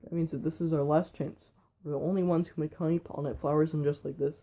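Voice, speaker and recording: A man's voice: a little high, steady tone, fast, mellow, close to an everyday voice. A man reading as a plucky young bee. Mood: rousing. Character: plucky young male bee rallying his hive.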